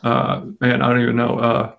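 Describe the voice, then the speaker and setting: A man's voice: medium pitch, completely flat delivery, moderate pace, gravelly, a bit bright, a little hiss or hum. A man hosting a casual live comic book auction, rambling and self-deprecating, joking as he goes. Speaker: comic shop auction host.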